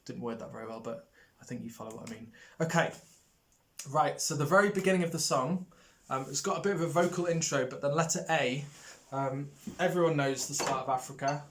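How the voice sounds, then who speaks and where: A man's voice: a little high, fast. A man teaching brass players in a recorded lesson, friendly and hesitant, with many ums, singing rhythms out as "da". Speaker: music teacher.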